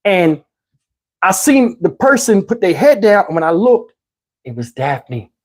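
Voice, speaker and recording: Man, middle-aged, husky voice, casual storytelling, animated, streetwise slang. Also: high voice, unhurried. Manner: animated, streetwise, constant "you know what I'm saying" asides. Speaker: YouTube storyteller.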